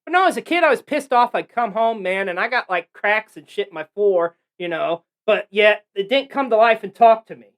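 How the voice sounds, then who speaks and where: A man's voice: high voice, fairly quick, few pauses. A man hosting a podcast, chatting casually and telling rambling, profanity-filled stories. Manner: animated, profane storytelling; rambling and digressive. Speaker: podcast host. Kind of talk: casual chat.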